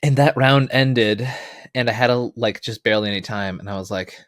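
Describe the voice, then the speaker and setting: A man's voice: mid-range voice, a little fast, fairly bright tone, no echo, clean studio sound. A man talking as a podcast guest in casual chat, rambling, laughing often and poking fun at himself. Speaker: podcast guest, tournament player.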